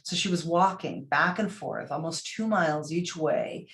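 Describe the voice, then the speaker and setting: A woman guest on a podcast interview, telling a personal story in a lively way and acting out what people said. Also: deep voice, normal speed. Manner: lively storyteller who acts out quoted voices. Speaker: podcast guest, motivational speaker.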